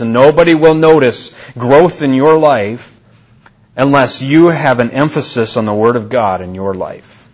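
Poor audio captures a medium-pitched pastor preaching to his congregation in church. He speaks earnestly, asking questions and often repeating or restarting his phrases.

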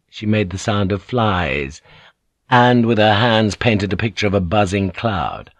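A man narrating an audiobook in a measured, even storytelling manner. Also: lowish voice, no echo.

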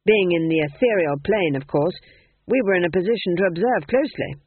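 A man's voice: high-pitched, a little fast, breathy edge, no room sound. A reader voicing the eager, formal ghost of a king. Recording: tinny, dry phone-like audio.

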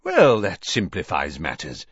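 A man voicing a calm, courteous old male wizard who speaks politely and measuredly, in a dry, slightly dull recording. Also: fairly high pitch, no room sound, voice pushed up, heavily acted. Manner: polite, measured, gently ironic.

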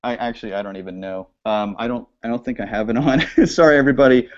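Man, host, casual live web chat, animated, swears a lot, dull lo-fi stream audio. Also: medium pitch, fast talker. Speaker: podcast host.

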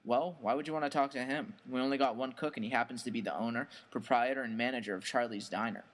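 A man's voice: medium pitch, fast talker, close to an everyday voice. A man voicing a bored, wry small-town diner waitress who talks in dry, offhand remarks.

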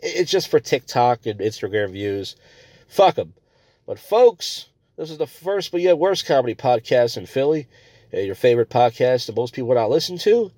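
A man's voice: mid-range voice, sing-song, moderate pace, darkish tone, no echo. A man hosting a comedy podcast, ranting crudely and rambling between stories. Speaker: podcast host.

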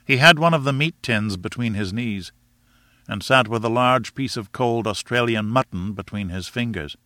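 A man reading an adventure novel aloud as narrator, in a measured, steady storytelling manner. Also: mid-range voice, no echo, clean studio sound. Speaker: audiobook reader. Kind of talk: scripted narration.

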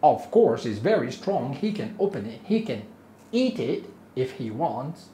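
A man teaching an English lesson, speaking slowly and patiently and repeating each phrase for learners to copy. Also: mid-range voice, sing-song, warm tone. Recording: echoey room with faint noise.

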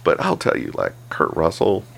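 With a gravelly bass voice at normal speed, this man co-hosts a podcast. He chats casually and tells lively stories with plenty of swearing.

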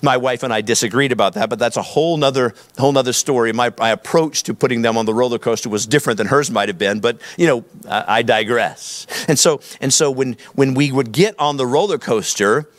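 A man's voice: medium pitch, fairly quick, hardly any pauses, no echo. A middle-aged man, a pastor preaching a sermon in an emphatic, repetitive storytelling manner.

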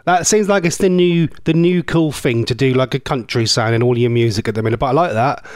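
A man's voice: mid-range voice, a little fast, clean tone, no room sound, studio quality. A man presenting a radio show, chatting casually and teasing listeners in a rambling way. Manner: chatty, teasing, rambling with mock-posh asides. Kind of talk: casual chat with listener messages.

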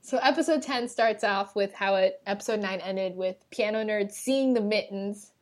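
A woman co-hosting a podcast, recapping a show in casual chat, animated and laughing often. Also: medium pitch, moderate pace. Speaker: podcast co-host.

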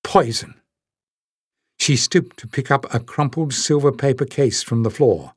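A man's voice: mid-range voice, moderate pace, breathy edge, no room sound, clean studio sound. Man narrating a fantasy audiobook. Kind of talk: scripted narration.

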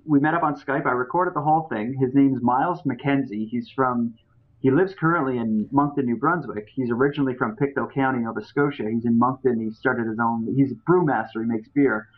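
A man's voice: medium pitch, fairly quick. A man, a podcaster appearing as a guest, telling a story in casual chat with lots of fillers and restarts. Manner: rambling, many fillers and restarts. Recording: tinny phone-like line.

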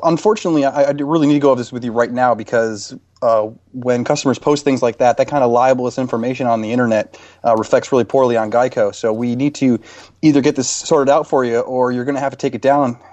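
A man's voice: mid-range voice, fast talker, a little mellow, no echo, natural voice. A man playing a pushy corporate phone rep. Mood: pressuring. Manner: polite then threatening, corporate phrasing. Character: smooth pushy male insurance PR agent. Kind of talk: prank phone call.

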